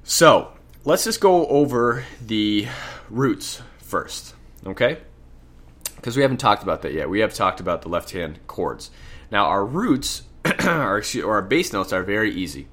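A man's voice: fairly low pitch, a little slow. A man with a cold and a slight lisp, casually explaining solo piano technique and often checking in with "right?". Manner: relaxed, self-correcting explanations with frequent "right?". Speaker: piano teacher. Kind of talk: casual music lesson. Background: piano playing between explanations.

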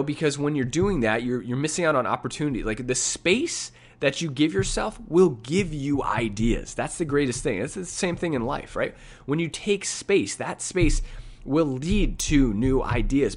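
With faint piano music in the background, a medium-pitched music teacher walks through his own recorded piano solo in a relaxed way. He scats the rhythms out loud and keeps asking "right?".

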